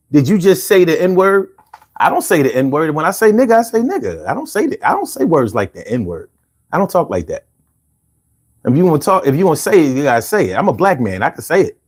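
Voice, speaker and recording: A man's voice: sits high, darkish tone. A man hosting a livestream podcast, chatting casually and reading viewer comments with loose, profane banter.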